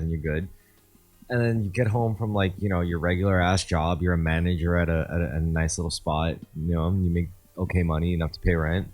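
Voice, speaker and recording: A man's voice: low-pitched, a little mellow. A young man co-hosting a casual podcast chat, telling rambling stories and quoting other people animatedly. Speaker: podcast co-host.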